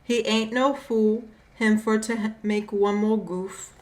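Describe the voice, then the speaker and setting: Folksy Cajun storyteller put on by a woman: slow drawl, rhyming storybook cadence, mid-pitched. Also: fairly even intonation, close to an everyday voice. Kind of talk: reading a dialect Christmas poem aloud.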